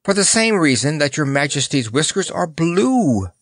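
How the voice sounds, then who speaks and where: A man's voice: fairly high pitch, big pitch swings, measured pace, gravelly, fairly bright tone, dry recording, studio quality, voice pushed up, exaggerated voice. A man voicing a polite, good-humored male circus clown with a jokey manner.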